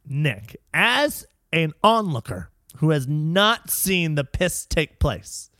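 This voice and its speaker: A man's voice: on the high side, sing-song, bright, forceful tone, no room sound, clean studio sound. A man co-hosting a casual comedy podcast, playfully building up silly hypotheticals. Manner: playful, drawn-out setups, laughing. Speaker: podcast co-host.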